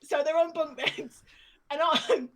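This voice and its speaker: A woman with a fairly high voice spins a casual anecdote for a stream audience. She retells it in a lively way and keeps laughing as she talks. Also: slow pace, a little hiss or hum. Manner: laughs through her story, lively retelling. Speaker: storyteller on a stream.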